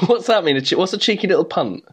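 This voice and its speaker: A man's voice: on the high side, lively intonation, moderate pace, breathy edge. Chatty teasing man. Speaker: podcast co-host. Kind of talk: casual chat.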